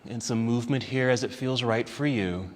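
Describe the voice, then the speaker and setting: A man teaching a yoga class, calmly cueing poses step by step and easing toward relaxation, a little out of breath. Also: medium pitch, normal speed, long reverb tail. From United States. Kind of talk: guided yoga class instruction. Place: yoga studio.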